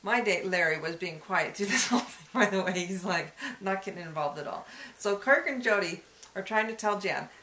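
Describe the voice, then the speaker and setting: A woman in casual conversation recounts a story for a folklore interview. She keeps breaking into small chuckles as she tells it. Her voice sits in a middle pitch and carries a noticeable room echo. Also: lively intonation, moderate pace, bright, forceful tone, a little hiss or hum. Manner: chuckles often while telling. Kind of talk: casual personal anecdote. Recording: echoey room.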